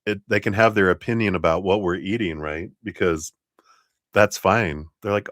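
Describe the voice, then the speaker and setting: A man's voice: deep voice, normal speed, a bit bright, no room sound, clean studio sound. A middle-aged man giving a casual livestream tarot reading, rambling with many fillers and frequent laughs. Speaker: tarot reader.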